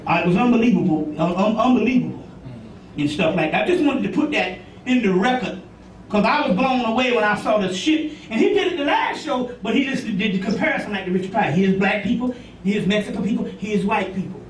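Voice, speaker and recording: High-voiced man lecturing in an echoey room. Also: expressive, fairly quick, far from the mic, slight background noise. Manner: rambling, profane, repeats "you see what I'm saying". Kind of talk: informal lecture to an audience.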